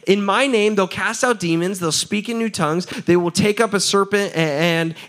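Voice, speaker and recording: A man preaches to a crowd with a fairly high voice. He keeps it lively and casual, throws questions out to the listeners, and laughs between points. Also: moderate pace. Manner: energetic, asks the crowd for answers; laughs often, repeats "right?". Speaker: pastor. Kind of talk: sermon.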